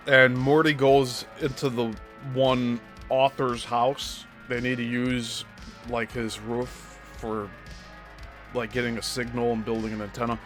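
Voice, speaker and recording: A man's voice: medium pitch, level tone, measured pace, fairly bright tone, faint music behind. A male host giving critical commentary on a played clip, explaining his points step by step.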